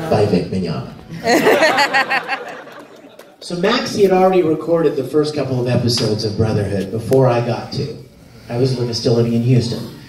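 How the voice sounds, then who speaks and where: A middle-aged man telling lively stories at a convention panel, laughing often and acting out quotes in high voices. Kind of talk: storytelling to a live audience. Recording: echoey hall from far off, faint noise.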